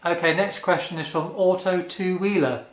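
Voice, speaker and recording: Sound bounces off the walls of an echoey room as a man takes viewer questions for his motorcycle vlog in an easygoing Q&A. He talks at a moderate pace in a slightly high male voice, earnest but a little hesitant, often saying "um."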